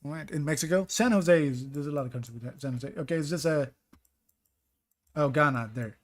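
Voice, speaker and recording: A man's voice: fairly high pitch, fairly quick. A man streaming a geography guessing game, thinking aloud, second-guessing his guesses and answering his chat. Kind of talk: live-stream commentary reading chat.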